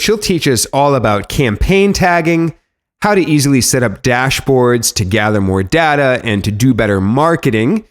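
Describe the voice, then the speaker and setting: Lively male podcast host. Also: medium pitch. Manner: lively, upbeat, clear intros. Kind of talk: podcast intro and interview.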